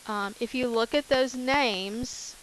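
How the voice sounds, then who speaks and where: A woman's voice: a little high, slow, fairly bright tone, a little hiss or hum, poor audio. A woman teacher talking through chemistry notes in a casual way, repeating key terms with many fillers. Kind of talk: recorded lecture over notes.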